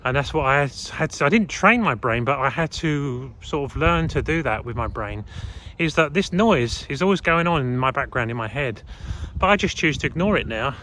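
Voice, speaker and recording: A man's voice: mid-range voice, expressive, moderate pace, sharp tone, slight background noise, low-quality recording. A man vlogging casually to camera, telling his own story in a rambling way with many fillers.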